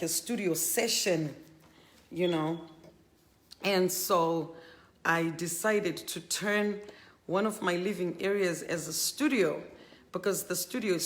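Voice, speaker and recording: A woman hosting a live stream from her home, greeting viewers by name one after another and often repeating herself while setting up. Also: lowish voice. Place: home living area set up as a studio.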